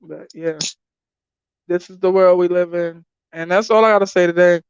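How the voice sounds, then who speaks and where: A woman's voice: lowish voice, fairly even intonation, moderate pace, a little mellow, smooth, dry recording. A woman giving casual spoken commentary as a spiritual reader, blunt, emphatic and freely swearing. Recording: dull lo-fi dry recording.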